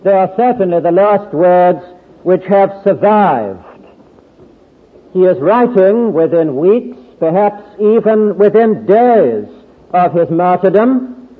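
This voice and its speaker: A higher-voiced man teaches Scripture to a gathering in a large tent, measured and formal, now and then pausing on a hesitant filler. His voice rings with a long reverb and comes through a thin, phone-like band. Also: animated. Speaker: Bible teacher at a convention. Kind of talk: Bible exposition sermon.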